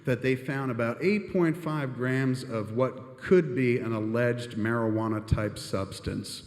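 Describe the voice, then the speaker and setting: A man putting on a calm, dry male defense lawyer who speaks low and flat. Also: measured pace, echoey room, in a large hall, close to an everyday voice. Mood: reassuring.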